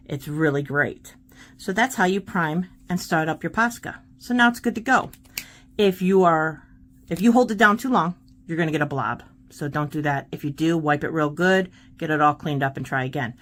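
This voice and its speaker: A woman's voice: fairly low pitch, fairly bright tone. A woman hosting a casual art tutorial, chatting and encouraging while she demonstrates paint pens.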